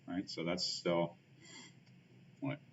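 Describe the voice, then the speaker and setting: A man's voice: sits low, lively intonation, takes it slowly, fairly bright tone. A man streaming a card game, thinking aloud in casual commentary with lots of fillers and muttered asides. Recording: dull lo-fi stream audio with faint hiss.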